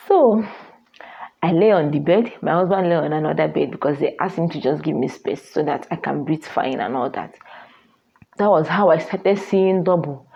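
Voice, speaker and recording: A young woman with a Nigerian accent tells a personal story to her viewers, earnest and emphatic. Her voice sits low, with a gravelly, husky edge. The sound is dull and lo-fi. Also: mellow. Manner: earnest, emphatic, repeats phrases. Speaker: vlogger.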